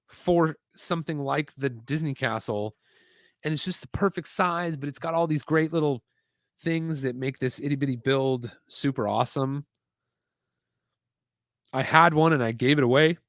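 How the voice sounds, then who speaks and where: A man in the middle of his range hosts a relaxed live build from his desk, chatting and rambling as he goes. He reads viewer comments aloud between thoughts. The sound is dry, with little room in it. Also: medium pitch, dry recording. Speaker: live-stream host building toy sets. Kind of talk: casual live-stream chat. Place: home desk setup with screens.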